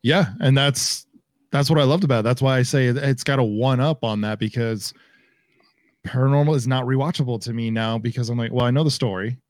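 Animated male podcast co-host, dry sound. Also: mid-range voice, brisk, no echo. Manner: animated, acts out reactions in quotes. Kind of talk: casual chat. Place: home, remote recording.

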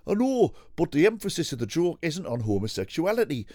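A man acting out a pair of ageing rock-loving mates swapping sweary banter. The voices are raised well above his normal pitch and have a bantering lilt. The sound is dry and close to the mic. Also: sing-song, brisk, dark tone, dry recording. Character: two bickering ageing rock-loving blokes.

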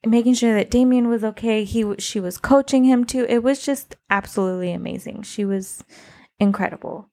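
A young woman casually telling a personal story, animated and laughing often, acting out what people said. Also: fairly high pitch, a little fast. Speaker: podcast co-host telling her birth story.

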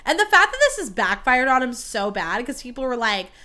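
Bright, gossipy young woman podcaster. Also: a little high, fairly quick. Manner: gossipy, animated and profane, with frequent asides. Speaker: podcast host. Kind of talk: casual solo podcast chat.

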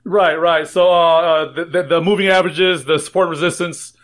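A man's voice: a little high, fairly even intonation, a little fast, fairly bright tone. A man co-hosting a casual trading podcast, rambling, joking and swearing freely. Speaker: podcast co-host.

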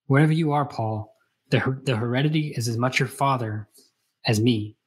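A man voicing a calm, grieving mother, gently spoken, while reading a novel aloud. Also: a little high, moderate pace. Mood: gentle.

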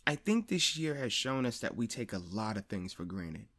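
A man hosting a podcast, talking in a personal monologue, blunt and profane, repeating phrases for emphasis and rising louder and higher as he presses a point. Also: very animated, normal speed. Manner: grows louder and higher when stressing a point. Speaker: podcast host.

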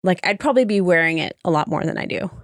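A woman with a low, gravelly voice chats casually on a podcast. She talks hesitantly and often restarts her sentences, and the sound is dry. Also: lively intonation, fast, no room sound. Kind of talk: casual chat.

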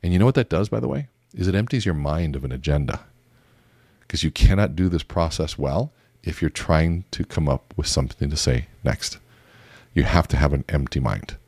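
A man teaching a method for conversation, telling lively stories and acting out both sides of his exchanges. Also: a bass voice, normal speed, slightly rough, no echo. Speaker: communication coach. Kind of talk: teaching talk with acted-out examples.

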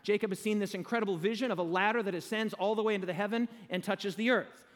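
A man's voice: sits high, quick pace, long reverb tail. A man preaching a sermon to a live audience, emphatic and leading them in call-and-response.

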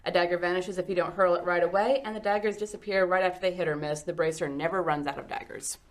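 A woman's voice: lowish voice, steady tone, fast. A woman running a tabletop game as game master, reading item descriptions aloud and laughing often.

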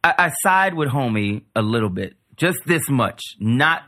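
A man, a comedian and military veteran, bantering as a podcast guest, joking and laughing loudly. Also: mid-range voice, big pitch swings, measured pace. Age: adult, military veteran. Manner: boisterous, laughs loudly and often.

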